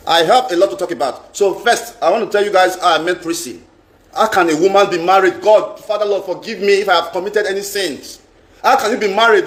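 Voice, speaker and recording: Nigerian man, high pitch, emphatic live-stream vlogger, echoey room. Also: a bit bright. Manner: emphatic, repeats phrases, mixes in pidgin. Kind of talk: casual live-stream rant. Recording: roomy echo.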